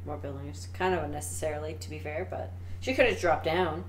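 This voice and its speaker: Casting: woman with a lowish voice, dry quick quips, recorded in a roomy space with a faint hum. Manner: wry, quick quips, laughs often. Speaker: podcast co-host. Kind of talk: casual movie commentary chat.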